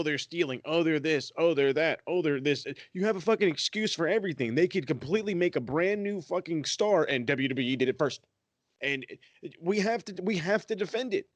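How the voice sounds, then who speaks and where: A man's voice: medium pitch, dry recording. A man co-hosting a wrestling podcast, ranting in a heated, profane, sarcastic way. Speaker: podcast co-host.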